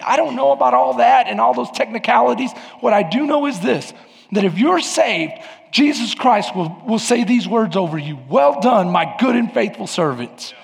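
A man preaching a sermon as pastor of a church, with emphatic rises and sudden shouts. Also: extremely high pitch, expressive, moderate pace, vocal fry, big-room sound. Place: church sanctuary.

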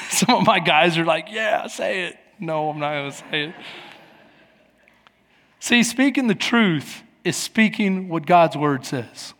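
A man in his forties preaching a sermon as pastor, telling stories with lively acted-out voices and shouts. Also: fairly high pitch, big-room sound. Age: 40s. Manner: animated storytelling, acting out voices and shouts. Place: church.

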